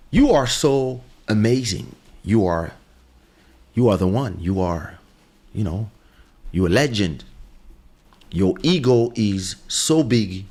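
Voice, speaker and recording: Slow, lively low-voiced man. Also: breathy edge. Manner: animated storytelling, acts out quoted voices. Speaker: podcast host. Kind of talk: casual podcast monologue.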